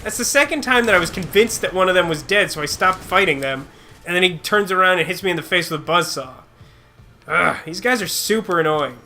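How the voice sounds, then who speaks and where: A man's voice: high-pitched, expressive, a little fast, sharp tone. A chatty young man, a little sick, rambling through casual gameplay commentary and reacting to the game. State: slightly sick. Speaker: let's play host.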